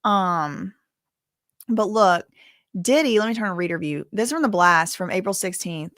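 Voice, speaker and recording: A woman's voice: medium pitch, normal speed, a bit bright, no echo, studio quality. A woman chatting casually on a live stream, updating viewers on a court hearing and reading their comments aloud with lots of filler words. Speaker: livestream commentator on a court case.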